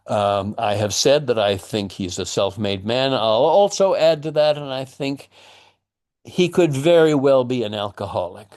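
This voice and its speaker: A man's voice: mid-range voice, unhurried, darkish tone. A man teaching a class on a play, explaining in a thoughtful, wry way. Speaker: acting teacher. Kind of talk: lecture on a play with readings.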